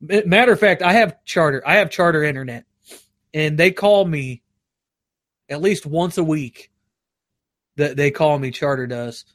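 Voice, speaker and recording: A man with a somewhat high voice chats casually to his stream, recorded dry and close. He rambles and swears, laughing at his own stories and acting out phone calls in raised voices. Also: normal speed, long pauses, a bit bright, dry recording. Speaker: streamer reading chat. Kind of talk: casual livestream chat.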